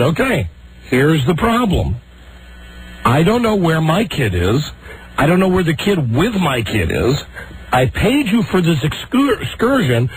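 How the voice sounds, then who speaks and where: A man's voice: on the high side, a little hiss or hum, poor audio. A man hosting a talk radio show, telling an exasperated story and acting out the people in it.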